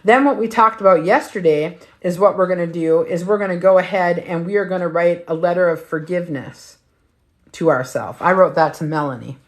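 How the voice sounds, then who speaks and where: A woman's voice: fairly low pitch, fairly quick. A woman hosting a weight-loss livestream, telling a personal story in a blunt, emphatic way with plenty of swearing. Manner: blunt, heavily profane, emphatic. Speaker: weight-loss challenge host.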